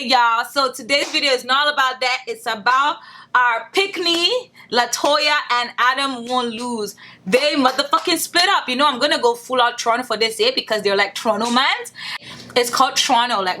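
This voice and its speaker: Bright, blunt young woman vlogger. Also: high voice, moderate pace, a little hiss or hum. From Nigeria. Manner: blunt, profane, animated rants with mocking put-on quotes. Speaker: beauty vlogger. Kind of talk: casual commentary vlog.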